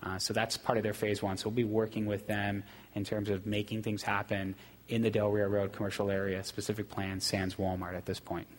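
A man on city staff giving a steady, fairly monotone report at a public meeting, with frequent ums. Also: on the low side, a little fast. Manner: steady, self-described monotone, many ums. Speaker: city staff presenting to council. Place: city council chamber. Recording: long hall reverb in council chamber.

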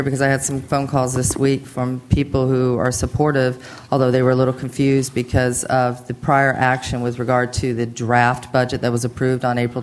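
Hoarse, under-the-weather general manager at a board meeting, flat voice, rambly and casual with lots of ums. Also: medium pitch. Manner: chatty and informal, with many fillers and asides. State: hoarse, unwell. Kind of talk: staff report at a public board meeting.

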